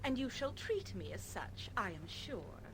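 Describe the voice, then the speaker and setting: A woman's voice: mid-range voice, very animated, measured pace, slightly rough, full character voice, low-quality recording. A refined, haughty noblewoman. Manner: proud, demanding.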